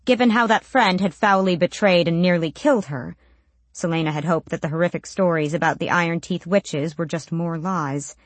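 Low-voiced woman narrating a story. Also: moderate pace, no echo. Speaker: audiobook narrator. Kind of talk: scripted narration.

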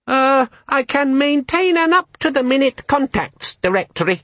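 A man's voice: very high voice, big pitch swings, normal speed, fairly bright tone, no room sound, pitched above the performer's own voice, heavily acted. A man voicing an eager tiny demon living in a pocket gadget, talking in a chirpy, hopeful way with little beeps.

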